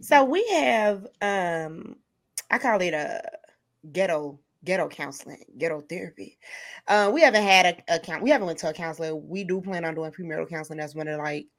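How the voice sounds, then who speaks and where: A woman's voice: on the low side, expressive, a little fast. A woman hosting a casual podcast chat, talking bluntly and animatedly.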